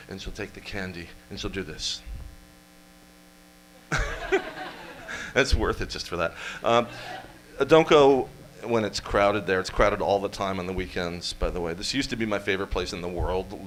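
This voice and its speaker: A man giving a comic history talk to a live audience, full of wry deadpan asides and quick jokes. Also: low-pitched, slight background noise, low-quality recording. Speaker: storyteller presenter. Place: event room with live audience.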